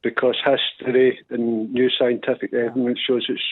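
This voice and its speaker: Casting: male caller, firm and monotone, tinny phone audio. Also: mid-range voice, moderate pace. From Glasgow.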